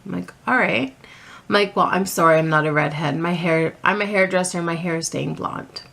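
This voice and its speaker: A middle-aged woman telling a personal story on her vlog, animated and a little flustered, with many restarts. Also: fairly low pitch, brisk, gravelly. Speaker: vlogger.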